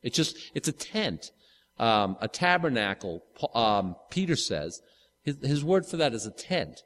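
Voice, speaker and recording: Fifty-something preacher in a reverberant hall. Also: male voice, medium pitch, big pitch swings, unhurried, fairly bright tone. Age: 50s. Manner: casual, rambling, with frequent restarts and asides. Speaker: pastor. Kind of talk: conversational sermon.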